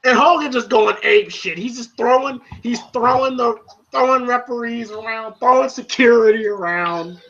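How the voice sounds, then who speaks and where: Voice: mid-range voice, normal speed, a bit bright, dull audio. A movie reviewer casually retelling a fight scene, rambling with many fillers and frequent laughs.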